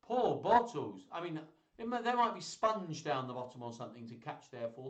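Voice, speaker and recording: Between songs on his live-streamed children's music show, a man chats playfully with toys and viewers. His voice is a little high and sing-song at a moderate pace, captured in an echoey room with dull audio.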